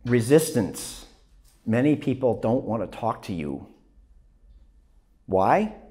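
A man lectures a class, his pitch moving a lot as he talks. He keeps adding "right?" after his points and now and then acts out a phone call. His voice sits in the middle of the range. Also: takes it slowly. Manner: animated, frequent "right?" tags, acts out phone calls. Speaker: journalism instructor.

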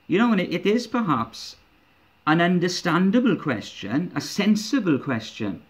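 Earnest preacher man, higher voice. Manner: repeats rhetorical questions, earnest and emphatic. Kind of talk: sermon. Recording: dull lo-fi recording.

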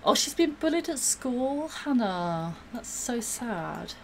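A woman's voice: a little high, very animated, takes it slowly, slight background noise. A woman gives bubbly, gushing live-stream commentary while she plays a game, gasping and laughing often.

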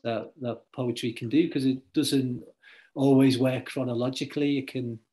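A man's voice: medium pitch, steady tone, normal speed, dark tone. A man hosting a talk between poets, speaking casually with many ums and restarts. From Liverpool, England. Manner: hesitant, full of ums and restarts. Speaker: host poet and editor. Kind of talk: casual conversation.

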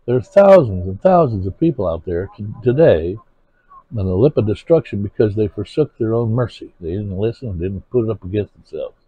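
A man's voice: fairly low pitch, animated, fairly quick, slightly rough, no room sound. A man preaching a sermon to his congregation, earnest and asking them pointed questions. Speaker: pastor. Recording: tinny phone-like sermon recording.

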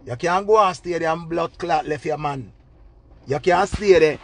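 High-voiced Jamaican man ranting. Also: moderate pace. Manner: loud, profane, repetitive patois rant. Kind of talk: ranting monologue.

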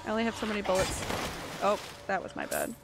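A woman live-streaming a horror game, reacting excitably and chatting with her viewers as she plays. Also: mid-range voice, fast, gravelly, loud music behind the voice. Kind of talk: live gameplay commentary.

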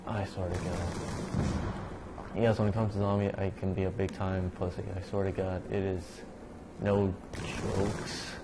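A man's voice: deep voice, flat delivery, a little slow, background noise. A young man giving casual, rambling commentary over a zombie game. He mumbles under his breath, curses at the game and sounds sleepy. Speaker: gaming YouTuber.

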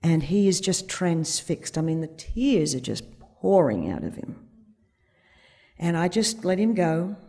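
A woman with a lowish, dark, slightly rough voice speaks in an unhurried, sing-song way. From a conference stage before an audience, she tells a vivid anecdote in a storytelling talk, quoting the dialogue as it unfolds.

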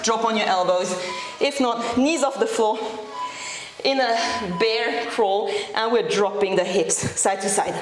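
A woman leading a workout as a fitness instructor, cheering people on with energetic cues while breathing hard. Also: high-pitched. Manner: encouraging, energetic cueing, out of breath at times. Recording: echoey room.

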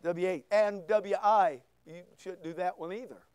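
A male pastor preaching a sermon, firing rhetorical questions and sharp asides at his congregation. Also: high-pitched, fairly even intonation, a little slow, clean tone, dry recording. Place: church.

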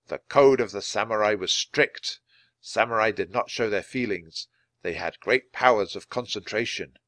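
A man's voice: on the low side, moderate pace, a bit bright, no echo, studio quality. A man reading a children's chapter book aloud at a natural pace for language learners. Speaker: storybook reader. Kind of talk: audiobook narration for language learners.

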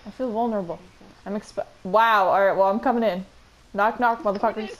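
A young woman streaming a game, chatting excitedly with a friend, swearing and laughing often. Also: mid-range voice, brisk, poor audio. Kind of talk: excited casual gaming chat.

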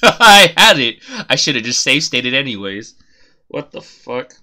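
Lively, bright-voiced cursing game streamer man. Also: mid-range voice, a little slow, faint music behind. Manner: profane, exasperated running commentary. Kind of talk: live-stream gameplay commentary.

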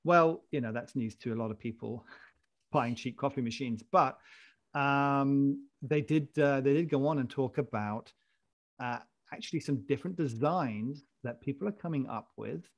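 A man's voice: medium pitch, moderate pace. A man hosting a casual podcast chat, jokey and rambling, often restarting his sentences. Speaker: podcast host.

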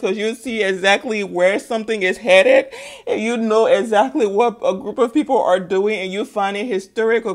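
A woman giving a spiritual tarot reading in a chatty, playful way, laughing often and talking straight to her viewers. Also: medium pitch. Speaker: tarot reader.

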